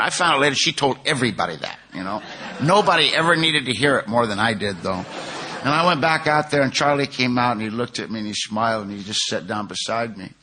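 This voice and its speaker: A man's voice: mid-range voice, lively intonation, fast, bright, forceful tone, slight background noise. A man from California giving an earnest, plain-spoken personal recovery testimony at a 12-step conference.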